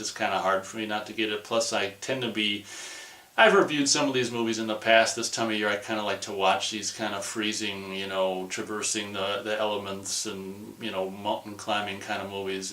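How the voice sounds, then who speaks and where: A man with a fairly low voice talks through a movie review in a loose, rambling way. He sounds dismissive and keeps restarting his sentences. The room around him is echoey. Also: a bit bright, recorded from a distance. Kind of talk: casual rambling video review.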